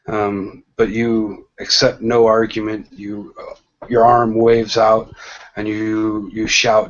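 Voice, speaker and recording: A man narrating a tabletop role-playing game as game master, slow and hesitant, with many pauses and restarts. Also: lowish voice, little pitch movement. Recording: dull lo-fi sound.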